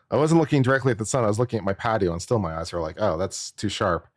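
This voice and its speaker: A man's voice: on the low side, expressive, a little fast, no echo, clean studio sound. A man, an attorney, giving casual and jokey live-stream commentary, musing aloud and often repeating himself.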